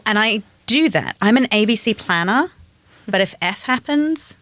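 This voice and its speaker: A woman co-hosting a podcast, telling a personal story in quick, animated bursts. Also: fairly high pitch, no echo. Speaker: podcast co-host. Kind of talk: casual chat.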